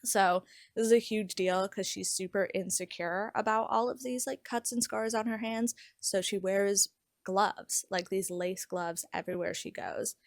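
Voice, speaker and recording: A woman's voice: mid-range voice, measured pace, no room sound, studio quality. A young woman vlogger casually recapping a novel's plot, chatty and full of "like" as she retells scenes. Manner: chatty, heavy use of "like", lively retelling. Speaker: book vlogger.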